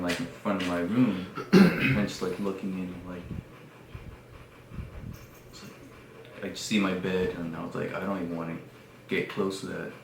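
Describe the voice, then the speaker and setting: A man with a lowish voice tells a story in a loose, casual way. He fills it with fillers and sinks into hushed tones, and the room has a noticeable echo with faint noise underneath. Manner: animated retelling with many fillers, dropping to hushed tones. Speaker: podcast host.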